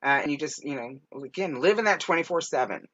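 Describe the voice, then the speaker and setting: A woman's voice: deep voice, expressive, a little fast, lo-fi sound. A woman hosting as a psychic medium, giving spiritual guidance with many fillers. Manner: warm, speaks with lots of fillers.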